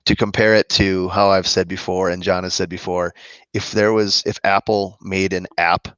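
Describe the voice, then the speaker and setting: A man co-hosting a casual live-stream chat, talking in a friendly, rambling way with many halting restarts. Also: sits low, little pitch movement, fairly bright tone, clean tone, dry recording. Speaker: co-host of a musicians' live chat. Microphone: video call. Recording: dull lo-fi stream audio.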